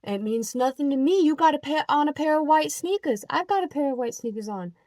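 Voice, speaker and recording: A young woman voicing a condescending religious middle-aged woman, speaking slowly and preachily. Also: sits high, expressive, darkish tone, no echo, clean studio sound, pitched above the performer's own voice. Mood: preachy.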